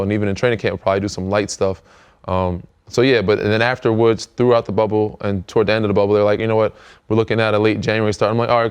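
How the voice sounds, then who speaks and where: Fast-talking low-voiced American man. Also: clean tone. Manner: relaxed, rambling, many fillers. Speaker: podcast host, pro basketball player. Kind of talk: casual chat.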